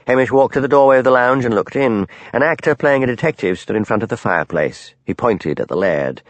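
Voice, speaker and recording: A man narrating an audiobook with an expressive, varied reading. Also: medium pitch, a little fast, few pauses, no echo.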